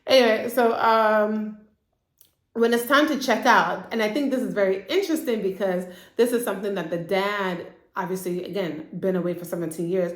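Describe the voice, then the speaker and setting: A woman therapist giving a casual, chatty recap of a TV drama, slipping into quick impressions of the characters. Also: medium pitch, reverberant. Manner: chatty, acts out characters' lines in quick asides.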